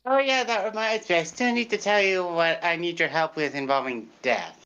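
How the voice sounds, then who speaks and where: A player in a casual tabletop game, eager and quick with questions, heard through a slightly dull lo-fi mic. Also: medium pitch, a bit bright, a little hiss or hum.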